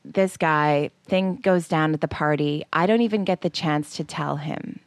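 A woman in her forties, co-hosting a podcast, tells a personal story in a casual, animated way, acting out quotes and using lots of fillers. Her voice is low, her pace moderate, and there's no echo.

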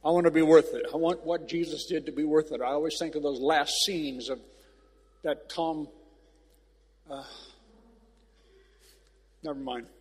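A man's voice: a little high, fairly even intonation, a little slow, long pauses, a little mellow, slightly rough, in a large hall. Emotional rambling male preacher in a church. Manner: rambling, emotional storytelling with restarts. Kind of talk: informal sermon. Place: old church.

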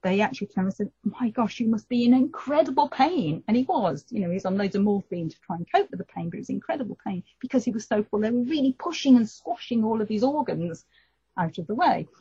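A middle-aged woman, telling a personal story in an interview and lively acting out the voices of the people in it. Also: mid-range voice, quick pace, breathy edge, dry recording. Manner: animated storyteller, acts out quoted voices. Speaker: guest telling her story. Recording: dull lo-fi recording.

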